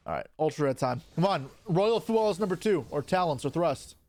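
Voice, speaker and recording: A man's voice: on the high side, expressive, fairly quick, darkish tone, dry recording. A young man chatting casually on a live stream, answering his chat aloud while opening card packs, with offhand swearing. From Canada.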